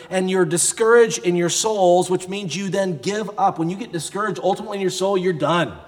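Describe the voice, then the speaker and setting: A man's voice: high-pitched, normal speed, few pauses, in a large hall. A pastor giving a conversational sermon, sometimes acting out the people he quotes, in a church sanctuary. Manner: conversational preaching, acts out quoted voices.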